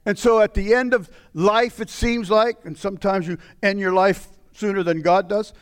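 A middle-aged man preaching a sermon as pastor, with impassioned delivery that swings from raised cries to low, weary murmurs. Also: fairly even intonation, normal speed, few pauses, smooth.

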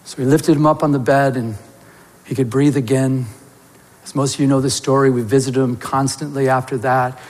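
A male pastor preaching a sermon, telling stories with animated energy and asking his congregation to remember. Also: medium pitch, moderate pace, in a large hall. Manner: animated storytelling with repeated rhetorical questions to the congregation.

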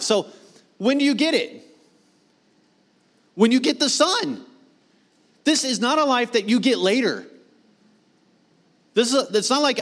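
Guy pastor, pretty high voice, preaching loose and chatty, acts out little bits. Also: moderate pace, pauses often. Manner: casual, animated preaching with slang and acted asides. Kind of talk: sermon.

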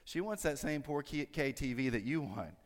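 A man's voice: medium pitch, expressive, normal speed, long reverb tail. A pastor giving a conversational sermon, drawing his listeners in with friendly tag questions.

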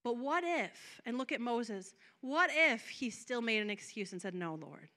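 A woman preacher delivering an impassioned sermon, moving between soft, drawn-out passages and loud, emphatic declarations. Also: a little high, lively intonation. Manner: acts out quoted prayers and dialogue.

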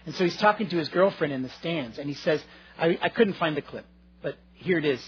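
A male pastor preaches a sermon in an earnest, conversational way, often speaking straight to his listeners. His voice is very husky and somewhat high for a man. The recording sounds dull and lo-fi. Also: lively intonation, a little fast. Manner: conversational, earnest, addresses the audience directly.

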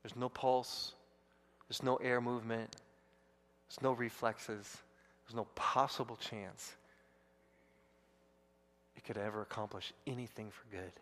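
A man's voice: mid-range voice, unhurried, long pauses. Man preaching in a reverberant hall. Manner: storytelling, rising to loud excited outbursts. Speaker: pastor. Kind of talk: sermon.

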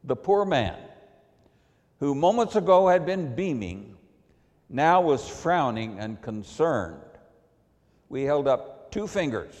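A man's voice: on the high side, a little mellow. A man preaching a sermon, telling a personal story in a wry, storytelling manner. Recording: long hall reverb.

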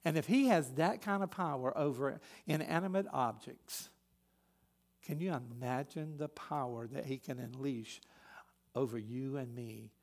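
A pastor preaching a sermon, a man who is emphatic and swings between loud and soft. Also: mid-range voice, a little slow, gravelly.

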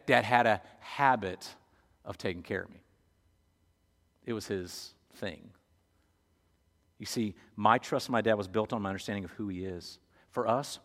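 Guy preaching a sermon, storytelling, drops loud to quiet, church echo. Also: lowish voice. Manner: storytelling, swinging from loud to hushed. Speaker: pastor. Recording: echoey hall.

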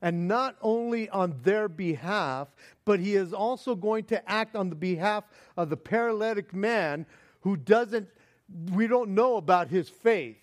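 High-voiced male preacher, animated storytelling. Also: unhurried. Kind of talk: sermon.

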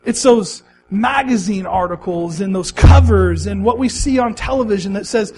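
High-voiced man preaching with passion. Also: moderate pace, few pauses, darkish tone, slight background noise, low-quality recording. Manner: impassioned, repeats phrases for emphasis; talks to the congregation with questions and call-and-response. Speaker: pastor. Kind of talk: sermon.

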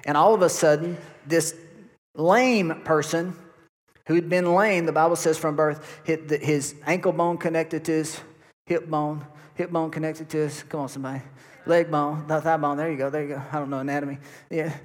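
A man preaches to his congregation, his voice sitting a touch high for a man. He keeps asking the listeners questions. A long reverb hangs behind him, as in a church hall. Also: fairly even intonation, normal speed. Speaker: pastor. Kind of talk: sermon. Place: church sanctuary.

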